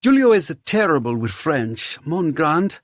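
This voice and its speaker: A flamboyant, effusive man in silk and eyeliner, as a male narrator does him gushes and teases in a high, swooping voice. The sound is dry and close, with a husky edge. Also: big pitch swings, unhurried, no room sound. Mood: teasing. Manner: gushing, teasing, theatrical.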